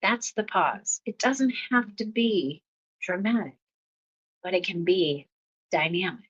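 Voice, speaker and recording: A woman hosting a self-help podcast, talking calmly about pausing before reacting, with steady, repeating coaching phrases and soft laughs. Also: on the low side, slightly rough, lo-fi sound. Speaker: podcast host. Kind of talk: reflective self-help talk.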